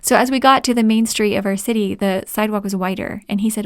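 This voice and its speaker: A woman's voice: mid-range voice, fast, no room sound, clean studio sound. A woman in her forties hosting a podcast, telling a personal story in a chatty way and often laughing. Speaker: podcast host.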